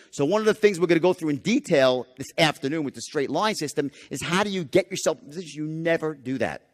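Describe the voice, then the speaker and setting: Man, sales seminar trainer, emphatic, swearing, rhetorical questions, long echoing hall reverb. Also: fairly high pitch. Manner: emphatic, profane, asks the audience rhetorical questions. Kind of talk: live motivational seminar lecture.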